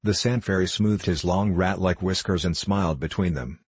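A man narrating a children's storybook in a steady, measured way. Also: deep voice, husky, no echo. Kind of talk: audiobook narration.

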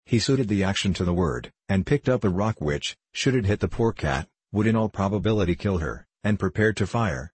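A man narrating an audiobook in a steady, measured reading style. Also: lowish voice, breathy edge, no echo. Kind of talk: scripted narration.

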